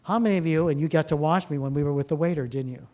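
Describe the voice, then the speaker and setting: A man's voice: a little high, very fast. A man, a therapist, giving a public talk to a live audience, telling stories and asking the listeners rhetorical questions. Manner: acts out dialogue in lively voices.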